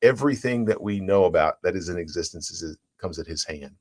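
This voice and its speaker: Earnest low-voiced pastor preaching. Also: male voice, animated, a little fast, a little mellow. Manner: earnest, plain-spoken, reads and explains scripture. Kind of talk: devotional sermon.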